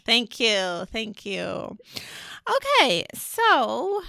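A middle-aged woman talking casually as a podcast co-host, her voice bright and slightly high, swinging widely in pitch. She is chatty and playful and laughs easily. The sound is dry and close. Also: wildly swooping pitch, extremely slow, vocal fry, no echo. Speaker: podcast co-host and energy reader. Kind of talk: casual chat.

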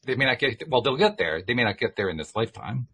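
A man's voice: mid-range voice, lively intonation, fast talker, bright, forceful tone, breathy edge. A man in reflective casual conversation, talking thoughtfully with frequent restarts.

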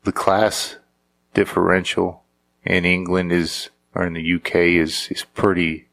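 Deep gravelly-voiced man ranting sarcastically. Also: a bit bright. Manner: sarcastic, rambling, frequent restarts. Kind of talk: casual comedic commentary.

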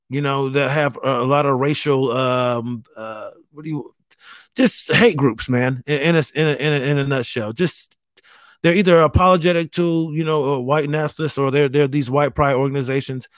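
A man's voice: on the high side, no echo, clean studio sound. A man ranting casually and profanely, exasperated and mocking, often stumbling over restarts. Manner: halting restarts, mimics voices. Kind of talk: casual solo rant.

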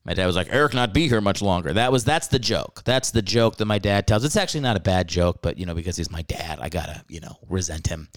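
A man's voice: sits low, fast talker, few pauses, no echo, clean studio sound. A young adult man hosting a casual comedic podcast, rambling with irreverent, profane asides. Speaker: podcast host.

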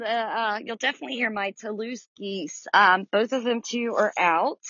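A woman's voice: on the high side, dry recording. A woman hosts a Bible study in a friendly, chatty tone and greets listeners by name. The sound is dry and close, with slightly muffled lo-fi audio. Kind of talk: casual chat. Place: outdoors in the sun.

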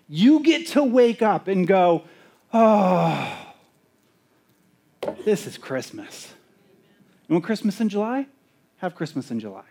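Exuberant, fairly high-voiced male pastor. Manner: exuberant, rising to near-shouts of joy; lapses into soft, intimate prayer. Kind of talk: sermon with sung hymn lines.

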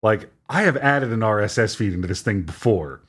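A man co-hosting a casual podcast, talking in a relaxed way with plenty of fillers. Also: fairly low pitch, brisk, breathy edge. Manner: relaxed, many fillers and restarts. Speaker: podcast co-host.

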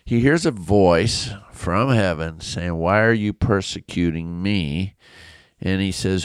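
A man from Illinois giving a casual Bible study talk, conversational and animated, with storytelling asides. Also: low voice, measured pace, smooth, dry recording, clean studio sound. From Illinois, USA. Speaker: Bible teacher.

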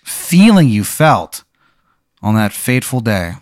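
A young man hosting a comedy podcast, telling an improvised absurd story with deadpan delivery. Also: on the low side, slow pace, dry recording, clean studio sound. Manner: deadpan, building absurd scenarios.

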